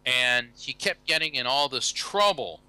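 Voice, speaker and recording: American man, bright and forceful, a storytelling guest with an animated, self-amused delivery. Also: medium pitch, a little slow, clean tone, dry recording, poor audio. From USA. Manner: anecdotal, animated, acts out quoted people, self-amused. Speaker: guest, psychic medium and lawyer. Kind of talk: casual storytelling interview.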